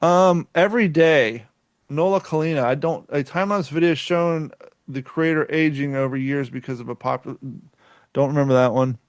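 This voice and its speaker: Kentucky-raised male podcast co-host, slightly high voice, dry close mic, rambling and profane. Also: moderate pace, no room sound. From Kentucky, USA. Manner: rambling, laughs often, swears casually. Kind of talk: casual podcast chat.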